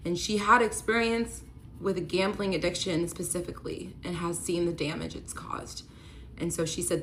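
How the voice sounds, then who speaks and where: A woman's voice: fairly low pitch, fairly even intonation, moderate pace, a little hiss or hum. A young woman in a candid storytime vlog, retelling a painful betrayal with lots of filler words and an emotional, near-tearful delivery. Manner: candid, many "like" fillers, rises to pleading when reliving the argument. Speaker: vlogger telling a personal story.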